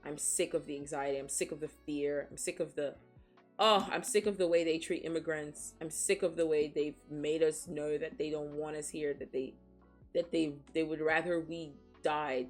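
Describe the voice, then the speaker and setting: A woman's voice: sits low, normal speed, soft background music. A woman streamer from Nigeria in casual chat, frank and swearing freely, laughing often as she reads chat, sniffling after crying.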